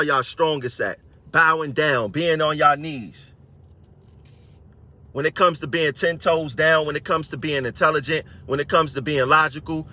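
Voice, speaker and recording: A man's voice: fairly high pitch, bright, forceful tone. Combative New man ranting live. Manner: combative, repeats phrases for emphasis. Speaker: transit union member. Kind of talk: live-stream rant to viewers.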